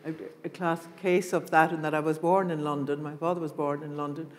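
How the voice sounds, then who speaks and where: A woman's voice: low-pitched, little pitch movement, brisk. A woman politician speaking on a panel in a conversational way, often repeating words. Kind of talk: panel discussion. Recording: hall with long reverb, faint hum.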